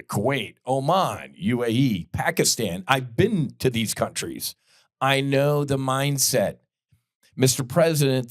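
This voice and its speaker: A man's voice: mid-range voice, dry recording, studio quality. A man hosting a podcast, delivering blunt, heated political commentary full of profanity. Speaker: podcast host.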